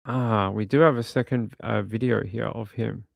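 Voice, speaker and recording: A true crime streamer comments on videos in a rambling, indignant manner, restarting often. His lowish voice has vocal fry, fairly even intonation, and a moderate pace. The recording is dry, with clean studio sound.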